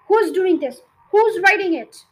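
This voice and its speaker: A woman's voice: very high-pitched, lively intonation, unhurried, voice pushed up. A woman doing a bellowing tyrant headmistress. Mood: furious. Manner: bellowing, shaken. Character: huge, bullying headmistress, furious.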